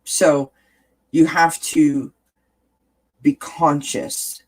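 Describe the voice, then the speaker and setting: A man's voice: on the high side, little pitch movement, very slow, low-quality recording. A man hosting a casual wellness chat, talking straight to his viewers in an earnest, encouraging way and repeating key phrases. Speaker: host.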